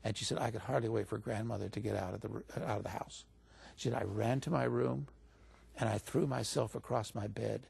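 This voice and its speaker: Gravelly-voiced man telling a story. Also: lowish voice, fairly quick. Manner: animated storytelling, raises his voice to quote others. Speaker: interview guest recounting stories. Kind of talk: casual storytelling interview.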